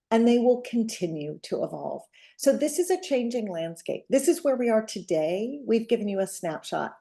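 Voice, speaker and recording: Mellow-voiced woman pediatrician explaining. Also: medium pitch. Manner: clear, measured explaining. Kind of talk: explanatory talk.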